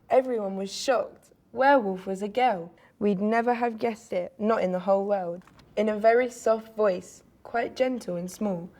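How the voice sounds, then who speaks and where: A woman reading a rhyming children's picture book aloud with an expressive, sing-song delivery. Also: mid-range voice, measured pace. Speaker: storyteller.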